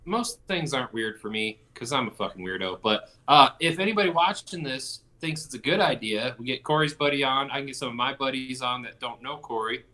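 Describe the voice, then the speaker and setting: A man's voice: mid-range voice, expressive, a little fast, few pauses, sharp tone. A man co-hosting a casual podcast, rambling through stories, swearing freely and joking around. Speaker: podcast co-host. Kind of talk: casual chat.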